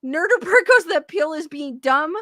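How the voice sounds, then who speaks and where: Bright high-voiced woman host reading chat. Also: animated, moderate pace, no echo. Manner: defensive, laughs often, restarts sentences. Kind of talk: casual livestream chat.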